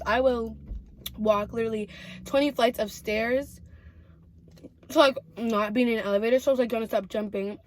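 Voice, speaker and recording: Chatty young woman vlogger, bright voice. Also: fairly high pitch. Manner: chatty, animated, many "like"s and "literally"s. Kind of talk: casual storytelling while eating.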